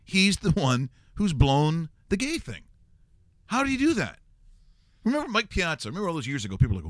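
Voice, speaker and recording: A middle-aged man hosting a live-streamed talk show, riffing in animated comedic banter and slipping into mocking impressions, speaking into a studio microphone. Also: a little high, fairly quick, no echo. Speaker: radio show host.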